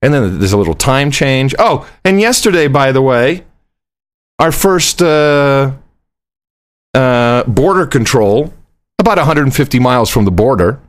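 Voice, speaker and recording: Man, podcast co-host, lively swooping pitch, animated rambling storyteller, casual chat. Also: unhurried. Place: on the road, far from home studio.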